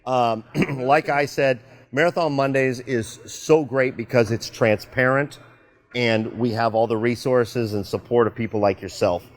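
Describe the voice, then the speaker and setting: A man hosting a casual walkthrough chat in a motorhome service shop, upbeat and joking, talking fast. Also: mid-range voice, fairly even intonation. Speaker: show host.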